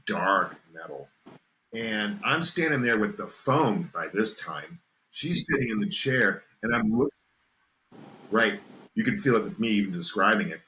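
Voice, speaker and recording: A man with a low, deep voice and a bright, forceful edge, spinning an eerie tale on a podcast. He builds suspense, pauses to ask "okay?", and leans into the drama. A faint hiss of noise sits behind him. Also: animated, poor audio. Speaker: podcast host. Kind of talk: casual storytelling chat.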